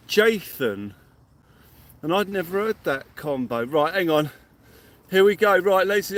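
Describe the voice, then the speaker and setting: A man hosting a casual live stream from a beach at night, giving cheery shout-outs and telling jokey stories. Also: high-pitched. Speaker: livestream host.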